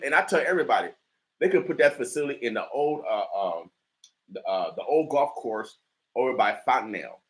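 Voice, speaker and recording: A man's voice: mid-range voice, lively intonation, brisk, a bit bright, rough recording. Fired-up male radio host with filler stammers. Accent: Omaha, Nebraska. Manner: emphatic, stammering with many fillers. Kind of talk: fired-up talk radio commentary.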